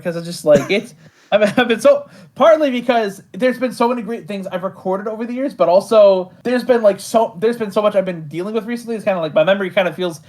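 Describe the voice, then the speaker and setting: A man's voice: high voice, darkish tone. A man chatting casually in an interview about voicing characters. He rambles with lots of fillers, laughs often and pokes fun at himself. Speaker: creator and voice actor of an animated show.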